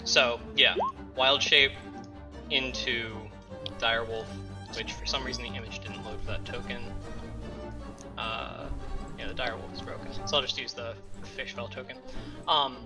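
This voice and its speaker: A man's voice: mid-range voice, flat delivery, normal speed, pauses often, over loud music. A man playing a tabletop game, talking casually, loose and swearing freely. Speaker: player.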